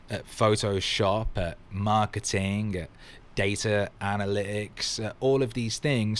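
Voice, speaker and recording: Male livestream host, low voice, emphatic and profane, hypes his viewers and reads their comments aloud. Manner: emphatic, exclamatory, swearing. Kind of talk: motivational livestream talk.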